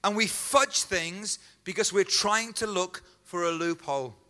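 Pastor guy preaching, earnest, keeps repeating himself, highish bright voice, echoey church hall. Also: a little slow. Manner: earnest and emphatic, with repeated phrases and rhetorical questions. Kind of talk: sermon.

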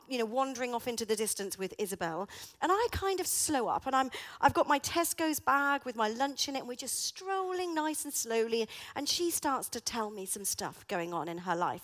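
Animated woman telling a story. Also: a little high. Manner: dramatic, comic, vivid. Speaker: speaker. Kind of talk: animated storytelling with a reflective moral.

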